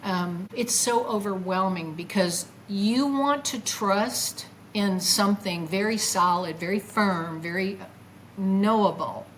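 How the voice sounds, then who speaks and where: An older woman, a guest, tells her own story with feeling and acts out her past words in a lively voice. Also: medium pitch, slow pace, a little hiss or hum, poor audio. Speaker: guest recounting a near-death experience. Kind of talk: emotional first-person storytelling.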